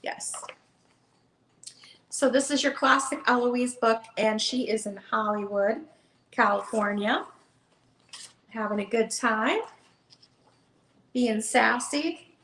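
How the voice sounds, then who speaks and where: A woman's voice: fairly high pitch, takes it slowly, long pauses, a bit bright, slight background noise. A woman hosting a live online book sale, chatty and upbeat, calling out bids. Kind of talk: casual live auction chat. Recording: echoey room.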